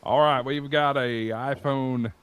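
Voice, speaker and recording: A man's voice: medium pitch, steady tone, slow pace, smooth. A man co-hosting a casual live stream, swearing lightly and trying an awkward mock auctioneer chant.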